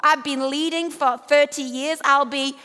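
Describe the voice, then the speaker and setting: A woman's voice: high-pitched, fairly even intonation, unhurried, sharp tone. A woman in her fifties from Yorkshire with an English accent, giving a motivational keynote on an event stage, telling stories with self-deprecating humor. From Yorkshire, England. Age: 50s. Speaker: conference speaker. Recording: echoey hall.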